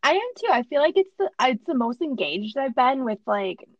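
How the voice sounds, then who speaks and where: A woman's voice: high voice, very animated, normal speed, no room sound, dull audio. A young woman with a Minnesotan accent in a casual podcast chat, upbeat and agreeable, laughing easily.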